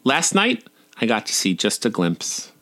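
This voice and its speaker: A man's voice: fairly low pitch, wildly swooping pitch, unhurried, pushed and bright. A man in his forties reading his own humorous personal essays in a wry, irreverent, playfully profane way. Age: 40s.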